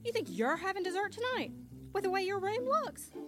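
A woman's voice: big pitch swings, brisk. An actress playing a furious, overbearing mother who rants with exaggerated outrage, in a film clip with music behind. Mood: ranting. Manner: shrill ranting, exaggerated outrage.

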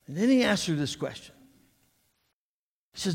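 A man preaching a sermon, animated and joking as he draws the congregation in. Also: high-pitched, normal speed, vocal fry, pauses often. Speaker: pastor. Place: church sanctuary. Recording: long reverb of a church hall.

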